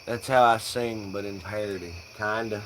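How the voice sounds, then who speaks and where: A man's voice: fairly low pitch, steady tone, moderate pace, slight background noise, poor audio. A young man hosting a live stream, joking around loosely and swearing in casual banter. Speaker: livestream host. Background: crickets.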